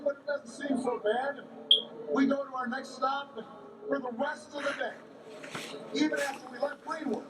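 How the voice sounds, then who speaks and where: Brief: male candidate at a rally, high voice, distant echoey recording, halting storytelling. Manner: halting delivery with many repeated words. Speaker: political candidate. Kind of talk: campaign rally speech, storytelling. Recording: echoey, distant mic, background noise.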